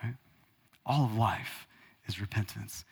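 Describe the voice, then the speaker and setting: A man in his thirties preaching a sermon from the pulpit, animated and rhetorical, calling out to the congregation. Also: on the low side, takes it slowly, gravelly, husky. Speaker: pastor. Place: church hall. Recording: long hall reverb.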